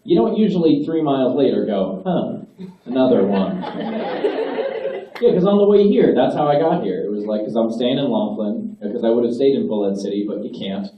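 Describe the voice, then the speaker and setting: A man's voice: medium pitch, lively intonation, quick pace, few pauses, background noise. A man doing a stand-up routine, ranting with growing exasperation at a live comedy venue. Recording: distant, dull, echoey audience recording. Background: audience laughter.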